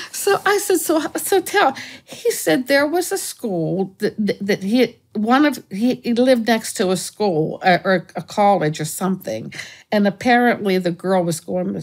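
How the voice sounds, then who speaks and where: A woman guest in an interview, telling a story in a casual, animated way, often restarting her sentences and acting out the people she talks about. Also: measured pace. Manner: animated, acts out callers with raised pitch, frequent restarts. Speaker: guest, former remote viewer.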